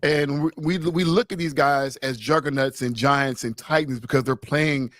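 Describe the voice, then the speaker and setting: A man's voice: mid-range voice, steady tone, moderate pace, a bit bright, no echo, clean studio sound. A man hosting a casual sports podcast, talking loosely and reading out listener comments. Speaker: podcast host.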